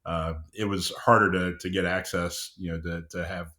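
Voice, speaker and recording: Middle-aged guy, real low voice, easygoing guest chat, lots of uh's and restarts. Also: level tone, bright, forceful tone. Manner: measured, unhurried, frequent uh and restarts. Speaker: audiobook producer, guest. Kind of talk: casual interview chat.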